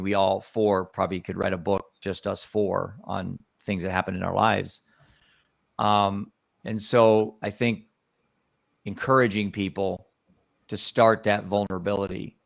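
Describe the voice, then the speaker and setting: A man's voice: lowish voice, creaky, no echo, clean studio sound. A man, a guest on a talk show, telling a personal story in an earnest, emotional way. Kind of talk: storytelling in a conversation.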